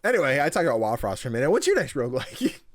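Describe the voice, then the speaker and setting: A man co-hosting a podcast in casual chat, animated and laughing often. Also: mid-range voice, very fast, slight background noise. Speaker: podcast co-host.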